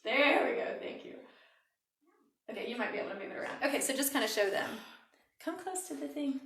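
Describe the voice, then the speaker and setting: A woman's voice: high-pitched, lively intonation, a little fast, fairly bright tone, far from the mic. A woman in her forties hosting a live beauty-product party, talking in a bubbly, giggly, chatty way. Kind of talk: casual live demo chat. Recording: echoey room, faint noise.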